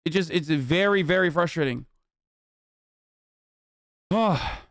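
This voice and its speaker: A man's voice: on the high side, slow, a bit bright, clean tone, no room sound. A man streaming reaction commentary, ranting in a heated, profane and sarcastic way into a close mic. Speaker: live streamer.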